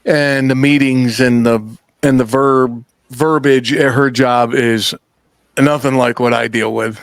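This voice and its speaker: A man's voice: mid-range voice, steady tone, measured pace, no room sound. A man hosting a podcast, chatting casually and telling stories bluntly with plenty of swearing. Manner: blunt, profane storyteller. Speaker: podcast host. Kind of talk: casual chat.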